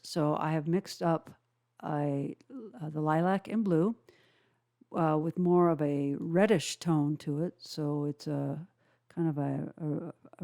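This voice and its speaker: Low, mellow-voiced woman teaching painting. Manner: unhurried, explains each step, frequent "uh" pauses. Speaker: watercolor instructor. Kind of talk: calm painting tutorial narration.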